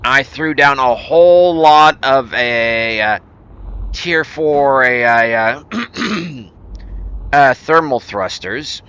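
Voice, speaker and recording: A male game streamer talks loosely to his viewers, wandering through thoughts with frequent restarts and fillers. His voice is bright and forward with a smooth, clean tone. He is easygoing and pokes fun at himself. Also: medium pitch, animated, extremely slow. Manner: rambling, with many fillers and restarts; easygoing and self-deprecating. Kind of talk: casual gameplay commentary answering chat.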